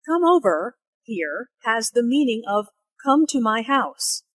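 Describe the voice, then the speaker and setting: Slow, careful woman teaching English. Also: no echo. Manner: slow, careful, with lively pitch for spoken examples. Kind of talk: slow, clearly articulated teaching narration and dialogue.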